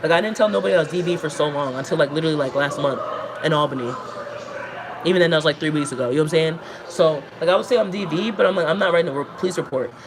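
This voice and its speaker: A woman telling long, rambling, profane stories to her livestream chat, talking in an animated way. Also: sits low, very fast. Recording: noisy background.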